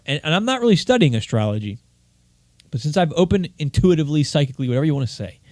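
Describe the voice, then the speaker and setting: A man's voice: a little high, a little mellow, no echo, clean studio sound. A man hosting his own podcast, talking alone in a rambling, worked-up way with many restarts. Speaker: podcast host. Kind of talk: solo podcast monologue.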